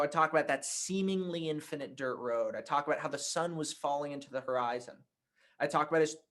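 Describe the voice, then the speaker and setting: A man teaching a writing workshop, telling a personal anecdote in a conversational, animated way. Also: on the high side. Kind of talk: workshop talk with storytelling.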